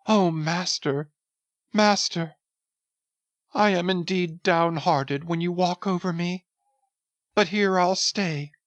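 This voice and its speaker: A woman's voice: lowish voice, no echo. A woman voicing a devoted, half-mad young cabin boy, pleading and rambling feverishly. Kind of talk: dramatic audiobook reading.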